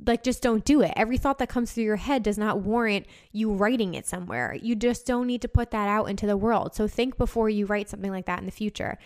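In a casual monologue, a talk-show host with a mid-range voice talks fast with few pauses. She is passionate, swears without restraint, and fills her sentences with "like."

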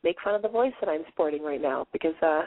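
A woman with a hoarse voice hosting a call-in radio show, chatting in a brash, profane and playful way. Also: sits low, animated, quick pace, slight background noise. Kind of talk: casual call-in radio chat. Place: bedroom, on the floor. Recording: dry, phone-like narrow sound.

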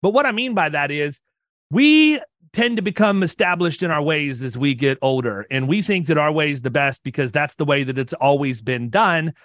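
A man in his fifties hosts an interview in a relaxed, rambling way. He often restarts his sentences, and his voice runs slightly high. The recording is dry, with no room sound. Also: moderate pace, dry recording. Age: 50s. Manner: talkative, rambling with frequent restarts. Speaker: podcast host. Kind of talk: casual interview chat.

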